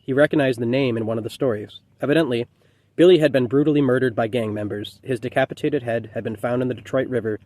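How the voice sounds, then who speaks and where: A man who is an author reading his own novel aloud, measured and reflective, with occasional slips. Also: mid-range voice, steady tone, darkish tone.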